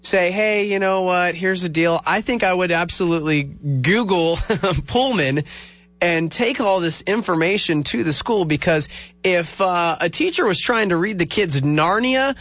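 A male co-host on a Christian call-in radio show, with a fairly high voice for a man. He gives earnest, firm opinions and often stumbles and restarts his sentences. The recording is muffled and lo-fi. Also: animated, measured pace, fairly bright tone, no room sound. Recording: dull lo-fi radio broadcast.

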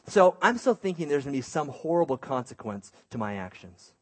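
A man preaching through a lively personal story, self-mocking and animated, with hushed asides. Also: medium pitch, a little fast, few pauses. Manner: drops to a hushed voice for inner thoughts.

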